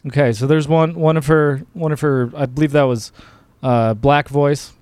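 A man's voice: on the high side, fairly even intonation, moderate pace, a little mellow, smooth, dry recording. Dry, sarcastic male commentary host. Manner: mocking, sarcastic, exasperated. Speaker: political commentary show host. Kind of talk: casual political commentary.

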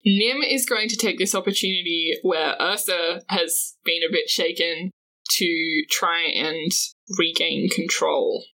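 A woman's voice: lowish voice, fairly even intonation, slow pace, bright, forceful tone, poor audio. A woman playing a tabletop game, thoughtfully narrating her character's actions. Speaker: player. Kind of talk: tabletop role-play.

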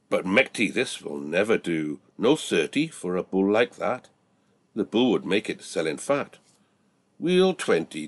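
A Scottish man voicing a loud, pushy cattle auctioneer in recited dialect verse. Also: lowish voice. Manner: brash, wheedling sales patter.

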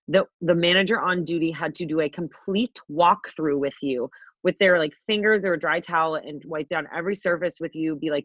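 A young woman co-hosting a podcast, telling a story in a brash, profane, animated way. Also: deep voice, no room sound, highs cut off. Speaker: podcast co-host. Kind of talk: casual storytelling chat.

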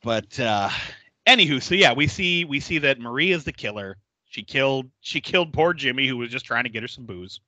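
A male podcast host in relaxed, casual chat, retelling a horror film scene by scene. His voice is bright and sharp, and his pitch jumps around animatedly. He laughs often and swears freely, and the sound is dry and close. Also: fairly quick, no room sound.

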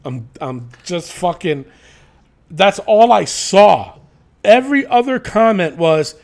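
On a casual wrestling podcast, a co-host speaks slowly in a high voice with vocal fry. He's animated, ranting and cursing freely as he talks.

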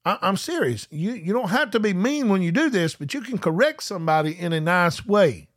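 A man preaching a live-streamed sermon, reading scripture slowly with emphasis and often repeating himself as he restarts sentences. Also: high-pitched, expressive, fairly bright tone. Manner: slows down to read scripture with emphasis.

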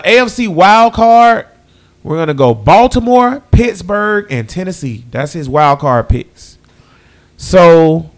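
Man, podcast host, loose casual chat, voice sits a bit high. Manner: loose, chatty, talks to listeners as y'all. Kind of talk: casual sports picks chat.

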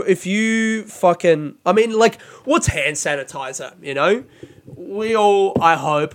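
A young man hosting a podcast, telling a story in a casual, profane, animated way and laughing as he goes. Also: medium pitch. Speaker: podcast host. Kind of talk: casual monologue.

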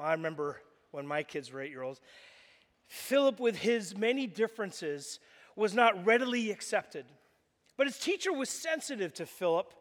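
High-voiced animated preacher man. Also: in a large hall. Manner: animated, jokey storytelling. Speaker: pastor. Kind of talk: sermon.

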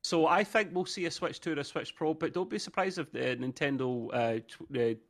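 A man's voice: fairly high pitch, fairly quick. A man co-hosting a casual gaming podcast, bantering and joking with stammered restarts. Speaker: podcast co-host.

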